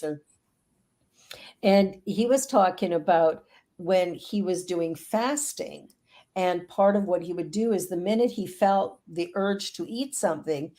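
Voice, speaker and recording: A woman's voice: lowish voice, dark tone. Earnest, upbeat middle-aged woman on a call. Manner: earnest, upbeat, speaks of prayer and affirmations. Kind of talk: casual chat. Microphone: video call.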